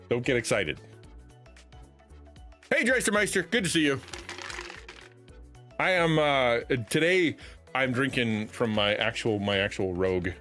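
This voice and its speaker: Lively, rambling middle-aged man streaming. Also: mid-range voice. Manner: chatty and animated, rambling with restarts. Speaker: live streamer. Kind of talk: casual livestream chat.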